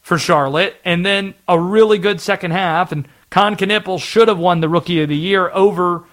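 A man's voice: sits high, moderate pace, a bit bright. A man from North Carolina hosting sports talk radio, chatty and opinionated.

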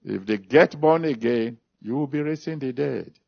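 A man's voice: medium pitch, moderate pace, creaky. A man preaching a sermon, stressing and repeating scripture references, then leading an altar call and prayer. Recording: dull lo-fi recording.

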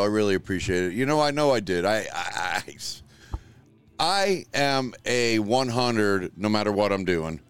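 A man's voice: mid-range voice, clear, resonant tone, no room sound. A middle-aged man hosting a show from a spare room at home, talking in a blunt, rambling, profane way. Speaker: show host. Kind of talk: casual livestream talk.

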